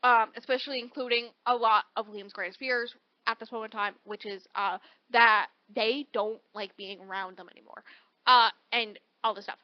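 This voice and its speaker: High-voiced woman, animated book chat. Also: normal speed, no room sound, dull audio. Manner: animated, acts out character quotes. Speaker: podcast co-host. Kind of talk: casual book discussion podcast.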